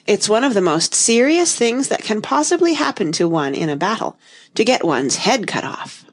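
A woman's voice: mid-range voice, big pitch swings, moderate pace, slightly rough. A woman reading an audiobook, voicing a contrary, sulky twin brother. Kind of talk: audiobook character voice.

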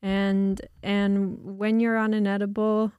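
Smooth, even-toned young woman chatting. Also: mid-range voice, takes it slowly, dry recording, muffled recording. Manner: laid-back and agreeable, with many "like" fillers. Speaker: podcast co-host. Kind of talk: casual chat.

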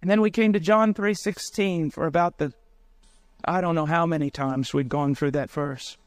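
A man's voice: a little high, steady tone, normal speed, dry recording. A middle-aged man preaching a sermon, telling a story with passion and building to emotional peaks.

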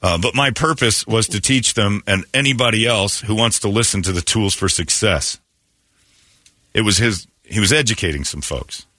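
A man talks through a casual comedic chat with a bright, forward tone set a little low in pitch. He riffs animatedly and mockingly, now and then jumping up into high put-on voices for a bit. The sound is dry and close. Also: normal speed, no room sound.

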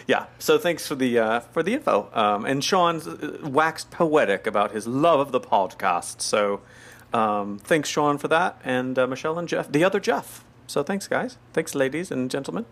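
A man's voice: medium pitch, animated, measured pace, fairly bright tone. A man co-hosting a podcast in casual chat, playful and giggly, with lots of asides and fillers. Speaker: podcast co-host.

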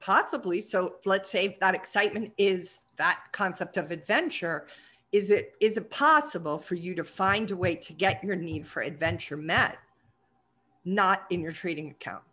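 A woman's voice: on the low side, moderate pace, pushed and bright, breathy edge. Woman coaching with probing questions. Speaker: trading coach. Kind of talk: coaching conversation.

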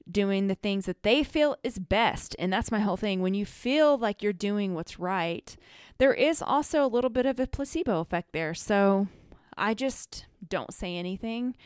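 A woman's voice: medium pitch, expressive, a little slow, smooth, no echo, clean studio sound. A woman from the United States, an energy healer, giving earnest, conversational advice with many fillers. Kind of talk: casual advice monologue.

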